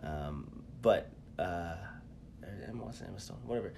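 A man co-hosting a podcast, telling a personal story in a casual, halting way. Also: sits low, creaky, a little mellow, slight background noise. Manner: storytelling, halting with fillers and restarts. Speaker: podcast co-host. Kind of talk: casual chat.

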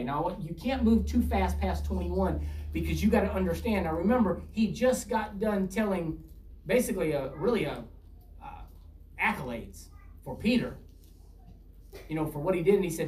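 A woman's voice: lively intonation, moderate pace, warm tone, a little hiss or hum. Woman preaching in an echoey room. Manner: reads scripture aloud and acts out dialogue with a shifting pitch. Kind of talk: sermon. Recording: roomy echo, distant from mic, faint ambience.

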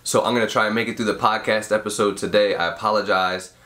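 Young male podcast host, sick and nasal, slightly low voice, laid-back mumbly delivery. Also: steady tone, quick pace, sharp tone. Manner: mumbly, can't fully open mouth. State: sick with a cold, sniffling, nasal. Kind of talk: casual advice podcast.

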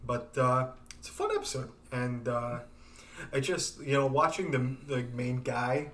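A man's voice: mid-range voice, measured pace, a bit bright, far from the mic. A man hosting a podcast, retelling a TV episode in a loose, profane way with many fillers. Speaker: podcast host. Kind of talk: casual chat.

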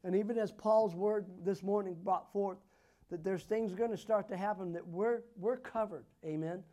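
A man ministering as a prophet, praying and declaring prophetic words over people in a fervent style that builds to loud, emphatic declarations. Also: sits high, steady tone, moderate pace.

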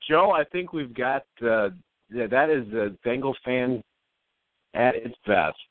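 A man's voice: mid-range voice, expressive, a little slow, dry recording. A man co-hosting a sports talk podcast, teasing his friend with mock apologies and frequent laughter. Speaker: podcast co-host. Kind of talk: casual sports talk banter. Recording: tinny phone-like dry line.

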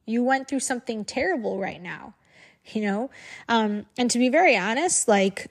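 A woman's voice: on the high side, lively intonation, normal speed. Frank, emphatic woman talking to camera. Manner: emphatic, repeats phrases for force; frank and outspoken. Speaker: social media creator. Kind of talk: candid to-camera monologue.

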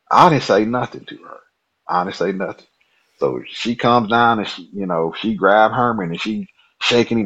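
A man guest telling a personal story in a lively, colloquial way. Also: lowish voice, fast talker, lo-fi sound.

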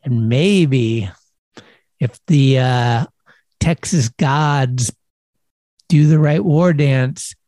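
A man's voice: medium pitch, drawn-out words, pauses often, mellow, dry recording. A man hosting a podcast in a laid-back, casual way, full of skater slang and swearing. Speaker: podcast host. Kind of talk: casual chat.

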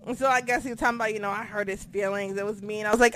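A young woman on a podcast, telling stories in a casual, profane, animated way. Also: medium pitch, rapid-fire, few pauses. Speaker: podcast co-host. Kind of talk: casual chat.

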